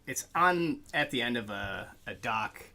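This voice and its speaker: A man running a tabletop game as game master, narrating with many halting fillers. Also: mid-range voice, lively intonation, sharp tone.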